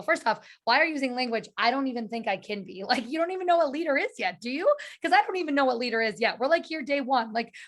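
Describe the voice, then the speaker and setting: A woman who leads a direct sales team gives an energetic, earnest motivational speech on a video call, often repeating words and restarting. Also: sits high.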